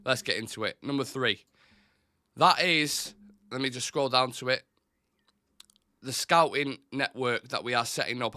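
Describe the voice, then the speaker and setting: Chatty male host, reads the chat aloud, bright tense tone. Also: medium pitch, dry recording, clean studio sound. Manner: chatty, reads out chat comments, restarts and fillers. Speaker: host of a live football fan show. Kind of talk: casual live-stream chat.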